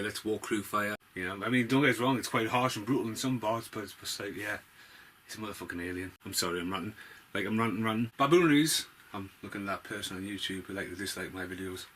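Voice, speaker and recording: Male film vlogger, lowish forceful voice, sweary ranting reviews. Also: fairly even intonation, quick pace, slight background noise. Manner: blunt, sweary, rambling.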